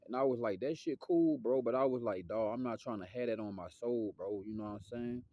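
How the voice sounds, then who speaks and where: A young man speaks, his voice low and deep. He rambles in loose, slangy street talk that keeps drifting off topic, recorded close and dry with no room sound. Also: a little fast, no echo, lo-fi sound. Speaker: musician vlogger. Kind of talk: casual rambling monologue.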